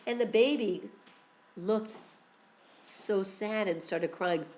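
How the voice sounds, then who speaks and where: A woman teacher telling a story to children, animated and expressive, often asking questions. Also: mid-range voice, takes it slowly.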